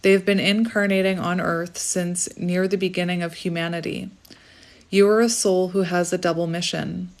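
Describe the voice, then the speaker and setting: A woman's voice: fairly low pitch, steady tone, moderate pace. A woman giving a casual spiritual tarot reading, chatty and rambling, often breaking off to laugh at herself. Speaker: tarot reader.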